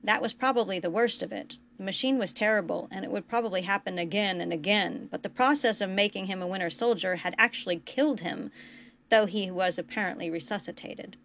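A woman podcast host reading fan fiction aloud in a quiet, even storytelling manner. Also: mid-range voice, a little fast, slight background noise.

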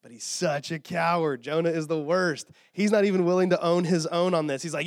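A male pastor delivers a sermon in a casual, animated storytelling way, often checking in with the listeners. His voice sits fairly high and he sounds a bit tired from short sleep. The sound is dry and close, with no room reverb. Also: a little fast. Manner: animated storytelling, casual asides, repeated "okay?".

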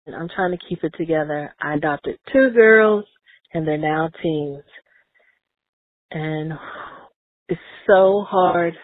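A woman's voice: low voice, measured pace, long pauses, no echo. A woman, the mother of teenagers, emotionally venting in a voicemail and fighting back tears. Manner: emotional, close to tears, exasperated. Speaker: caller, mother of teens. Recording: tinny phone voicemail.

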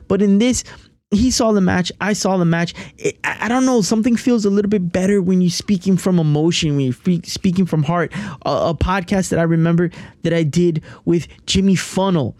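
A man hosting a podcast in casual chat, excitable and given to repeating himself. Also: sits high, moderate pace, dry recording. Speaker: podcast host.

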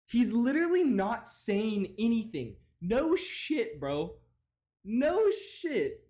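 A man's voice: very high-pitched, sing-song, slow, darkish tone. A man hosting a comedy podcast, ranting and mocking with lots of swearing and laughter. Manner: profane, mocking, laughs a lot. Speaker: podcast host.

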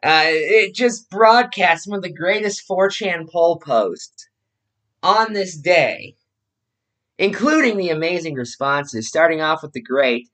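A man's voice: fairly high pitch, lively intonation, slow pace, a bit bright. Guy ranting sarcastically over forum posts, voice jumps all over the place, pretty blunt. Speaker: online commentator. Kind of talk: commentary reading forum posts.

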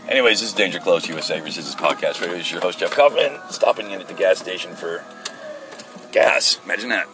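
A man's voice: low-pitched, animated, quick pace, bright, forceful tone, soft background music, rough recording. A middle-aged man hosting a casual solo podcast from his car, telling a rambling story and acting out the people in it with mock voices. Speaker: podcast host. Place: in a car, at a gas station.

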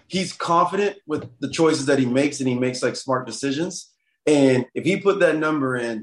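Podcast guest, male, relaxed and rambling, mid pitch, echoey room. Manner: relaxed, filler-heavy, lots of "like". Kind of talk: casual podcast chat.

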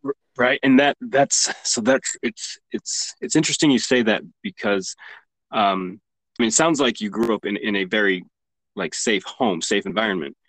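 A man's voice: lowish voice, lively intonation, normal speed, a bit bright, dry recording, rough recording. A man who is a father, speaking earnestly as a podcast guest, often repeating words as he gathers his thoughts. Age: adult parent of three. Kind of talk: casual podcast conversation.

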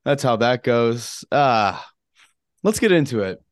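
A man's voice: medium pitch, very animated, slow pace, dry recording, studio quality. A man co-hosting a casual podcast, rambling and joking with frequent laughs. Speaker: podcast co-host. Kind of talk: casual chat.

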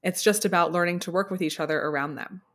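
Low-voiced woman host, chatty. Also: fast, a bit bright. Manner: agreeing, chimes in. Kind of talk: casual chat.

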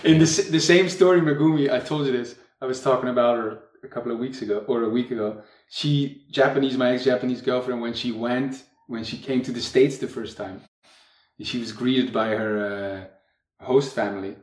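A man co-hosting a podcast, telling lively anecdotes in a casual chat. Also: mid-range voice, moderate pace. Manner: storytelling, lively anecdotes with quoted voices. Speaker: podcast co-host. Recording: echoey room.

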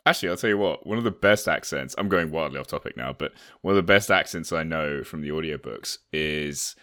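A man's voice: extremely low pitch, fairly quick, sharp tone. A young man co-hosting a casual hobby podcast, talking animatedly with many fillers and frequent laughs. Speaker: podcast co-host. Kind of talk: casual chat.

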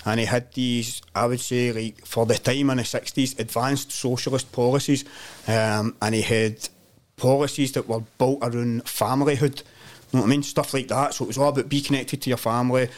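A Glaswegian man telling stories as a podcast guest, animated and full of swearing, acting out other people's voices. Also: mid-range voice, brisk. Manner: animated storytelling, heavy swearing, acts out voices. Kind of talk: casual chat.

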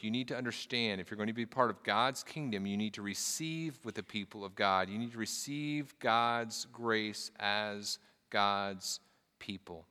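A man's voice: lowish voice, pushed and bright, clean tone, in a large hall. A man preaching a sermon, reading scripture aloud and telling a story with earnest emphasis and casual asides. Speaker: pastor.

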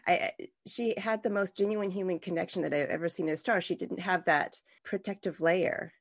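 A woman's voice: lowish voice, fairly even intonation, a little fast. Effusive, enthusiastic woman host. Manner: enthusiastic and effusive, with frequent restarts. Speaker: podcast host. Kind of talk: conversational interview.

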